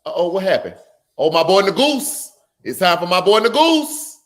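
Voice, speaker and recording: A man's voice: high voice, big pitch swings, moderate pace, fairly bright tone. A man hosting a live stream, chatting casually and greeting viewers by name as he reacts to a hearing.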